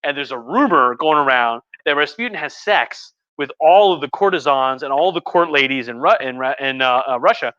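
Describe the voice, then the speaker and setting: Tipsy prof guy rambling through history jokes, bright voice, kinda muffled stream audio. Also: medium pitch, expressive, brisk, hardly any pauses. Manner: rambling, jokey, with restarts. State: tipsy from red wine. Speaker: history professor host. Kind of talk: tipsy livestream history chat. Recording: slightly muffled livestream audio.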